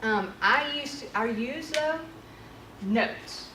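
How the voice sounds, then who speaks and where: A woman's voice: fairly high pitch, lively intonation, very slow. A woman trainer giving a casual workshop presentation, candid and conversational. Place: training room. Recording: echoey room from far off with noise.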